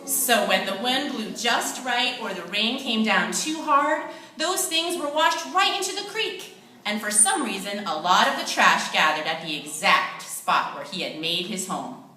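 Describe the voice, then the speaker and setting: Lively woman narrating a kids' play. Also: medium pitch, measured pace. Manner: lively, expressive storytelling. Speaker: storyteller. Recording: echoey room, distant mic, faint noise.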